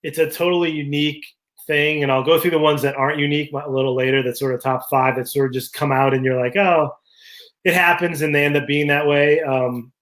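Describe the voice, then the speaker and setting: A man's voice: on the high side, little pitch movement, quick pace, fairly bright tone. A man co-hosting a casual show, telling rambling anecdotes with many fillers. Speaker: podcast co-host. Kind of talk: casual chat.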